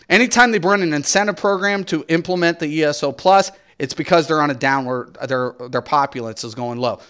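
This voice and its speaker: A man's voice: medium pitch, fairly bright tone, smooth. A man streaming and ranting commentary in a blunt, profane, swaggering way. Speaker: game streamer.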